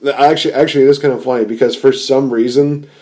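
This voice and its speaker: Male podcast host, warm dark tone, casual rambling chat with frequent laughs. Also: mid-range voice, steady tone, fast. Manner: rambling, laughs often, many restarts.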